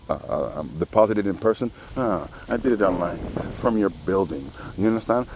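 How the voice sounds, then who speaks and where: A man with a very deep, low voice talks straight through a rambling vlog monologue. He tells stories loosely, with profanity and constant asides to the viewer. A faint hum of noise sits behind him. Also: a little mellow. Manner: profane, storytelling, full of asides. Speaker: vlogger.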